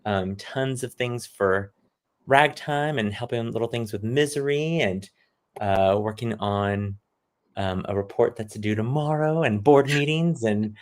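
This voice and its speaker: A man's voice: mid-range voice, unhurried. Rambling man, a theater director. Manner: rambling, lists things off. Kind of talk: casual interview chat.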